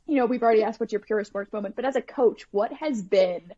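A woman's voice: fairly high pitch, quick pace, warm tone, slightly rough, dry recording. Chatty woman co-host, muffled sound. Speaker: podcast co-host. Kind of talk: casual interview chat.

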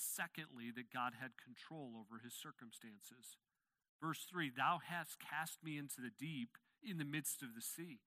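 A man's voice: on the high side, pushed and bright, dry recording. A man preaching an expository sermon as pastor, earnest and rising to emphatic peaks when quoting scripture.

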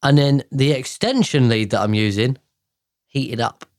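A man in his 30s with an unhurried, darkish mid-range voice hosts a casual solo podcast through a podcast mic. He rambles, swears and sounds exasperated.

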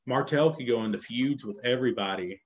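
A man with a mid-range voice talks fairly quickly as a podcast co-host in a casual chat. He's enthusiastic and rambles, restarting his sentences many times. The sound is dull and lo-fi.

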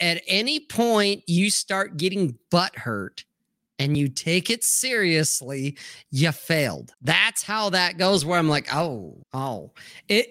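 A man's voice: high voice, bright, forceful tone, dry recording, clean studio sound. A middle-aged man hosting a livestream, ranting crudely in casual chat and acting out quotes in different voices. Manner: profane, ranting, acts out quotes. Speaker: livestream host.

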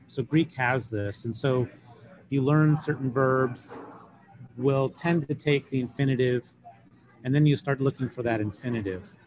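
A middle-aged man lecturing a class on Greek grammar with a mid-pitched voice. He explains loosely and patiently, often pausing on fillers and starting over. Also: slight background noise. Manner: relaxed, explanatory, many fillers and restarts. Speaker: Greek professor teaching a class.

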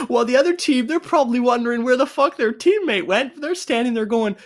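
A man's voice: very high voice, animated, a little fast. A young man telling a sports story casually, laughing often, swearing and restarting his sentences.

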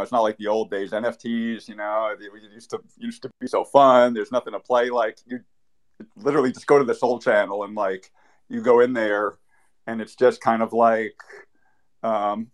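A man's voice: fairly low pitch, little pitch movement, normal speed. A man speaking as a guest on a live show, rambling and joking, often trailing off. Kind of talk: casual chat.

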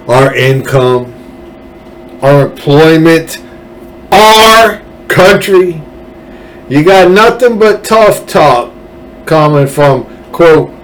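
A man's voice: mid-range voice, slight background noise, poor audio. A man hosting a political podcast, ranting angrily with sarcasm and profanity. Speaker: podcast host. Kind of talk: political commentary rant.

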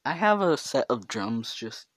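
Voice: mid-range voice, sing-song, a little slow, fairly bright tone. A vlogger talking alone in their bedroom, rambling and giggly, with filler words all through. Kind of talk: rambling casual monologue to camera. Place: own bedroom.

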